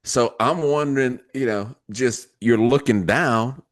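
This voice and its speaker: A man co-hosting a podcast, chiming in with relaxed asides and quick comments. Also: medium pitch. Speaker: podcast co-host. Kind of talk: casual chat.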